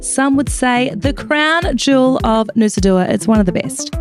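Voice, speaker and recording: A woman's voice: high-pitched, expressive, normal speed, over music. A woman co-hosting a true crime podcast, telling the story in a dramatic, chatty way with swearing asides, recorded in a hotel room. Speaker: podcast co-host.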